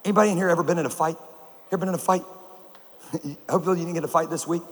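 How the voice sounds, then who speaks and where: A man from North Carolina, a conference speaker, preaching with animated comic stories and laughing at his own jokes on a stage mic. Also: fairly high pitch, rapid-fire. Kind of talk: sermon with comic storytelling. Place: large conference hall. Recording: echoey hall, faint noise.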